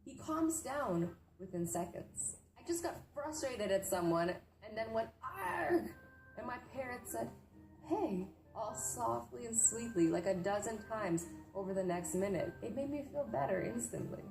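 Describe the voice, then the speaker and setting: A woman's voice: medium pitch, a little mellow. A woman in her twenties gives casual reaction commentary as a YouTuber, chatty and gushing, often filling with "like" and restarting her sentences. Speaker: YouTuber reacting to wholesome posts. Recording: roomy echo, faint background noise.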